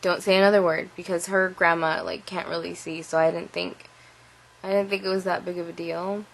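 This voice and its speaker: A young adult woman telling a story to camera in a casual vlog, animated and full of "like" fillers. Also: fairly low pitch, moderate pace, gravelly, poor audio. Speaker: vlogger.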